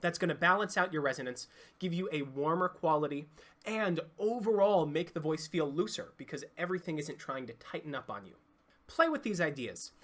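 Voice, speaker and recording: A singing coach giving an online vocal lesson, explaining clearly and demonstrating sounds. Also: mid-range voice, lively intonation, fairly quick, a bit bright.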